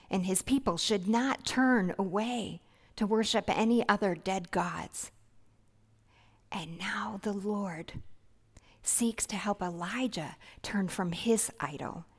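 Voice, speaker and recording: A woman delivers a reflective sermon in a gentle, earnest voice. She speaks slowly and deliberately, at a pitch neither high nor low, with some soft hushed passages. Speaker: preacher.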